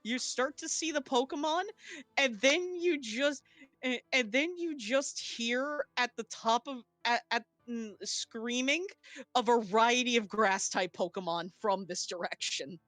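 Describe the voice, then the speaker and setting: A woman narrating as game master of a tabletop game, with a halting delivery full of restarts. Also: a little high, fairly bright tone, no room sound, soft background music.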